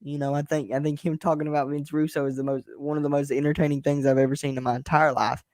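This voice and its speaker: A man's voice: a little high, level tone, fast, a little mellow, no room sound, studio quality. A young man hosting his own show, talking in a blunt, emphatic way, swearing freely and often restarting his words. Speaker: host. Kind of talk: casual personal monologue.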